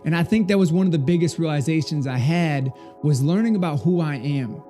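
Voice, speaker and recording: Young adult male speaker, earnest and measured, dark mellow tone, personal storytelling. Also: on the high side, faint music behind. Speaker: motivational speaker. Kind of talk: personal story told to an audience.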